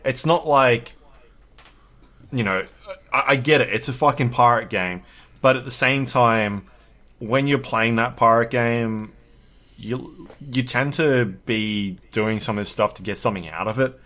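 A man co-hosting a podcast in casual chat, talking in a relaxed way with casual swearing and fillers. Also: medium pitch, measured pace. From Australia. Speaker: podcast co-host.

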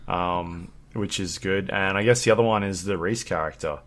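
Low-pitched male podcast co-host, rambling casual delivery. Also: moderate pace. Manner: rambling, filler-heavy, animated when telling stories. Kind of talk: casual chat.

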